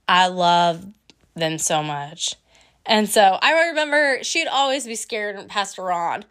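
A young woman talking earnestly and casually about her faith, chatty and quick to laugh. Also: medium pitch, lively intonation, fairly bright tone. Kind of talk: casual personal faith testimony.

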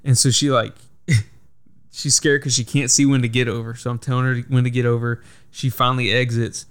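This podcast host is a young man whose medium-pitched voice is clear and resonant, delivered flatly at a normal speed. In casual chat, he wanders through a long story, peppering it with "like" and plenty of profanity.

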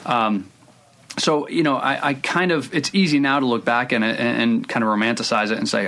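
A man's voice: medium pitch, lively intonation, fairly quick, fairly bright tone. A man in his thirties, a screenwriter, talking casually in an interview and rambling through many restarts and hedges. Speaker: screenwriter guest.

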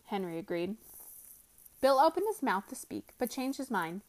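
A woman reading a novel aloud to a student with careful, deliberate delivery. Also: on the high side, sing-song.

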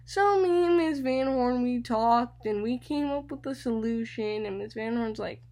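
A young woman from Florida, hosting a radio show and telling a personal story in an animated way, often repeating words. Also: on the high side, unhurried. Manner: animated, repeats words, addresses listeners as y'all.

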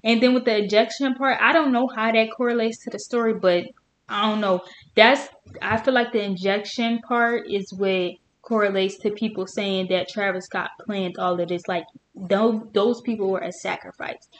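A woman co-hosting a casual podcast chat, telling stories with animated, opinionated emphasis. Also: medium pitch, normal speed, a little hiss or hum. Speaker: podcast co-host.

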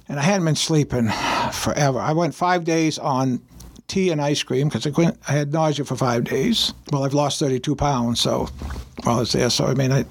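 Pastor guy telling his story on the radio, gravelly and kinda husky, earnest, stops and restarts a lot. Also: mid-range voice.

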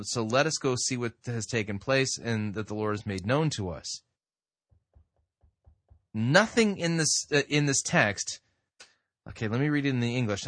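A man hosting a commentary show, reading scripture aloud and stopping a sermon recording to dispute it, halting and muttering at times. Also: mid-range voice, a bit bright, no echo. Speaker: podcast host.

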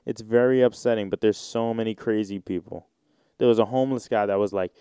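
A young man hosting a casual solo podcast, telling stories in an animated way and slipping into mocking voices. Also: fairly low pitch, moderate pace, clear, resonant tone, no echo, studio quality. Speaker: podcast host.

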